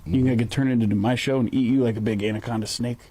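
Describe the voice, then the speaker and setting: Man, comedy co-host, deadpan, absurd rambling, average pitch. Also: racing.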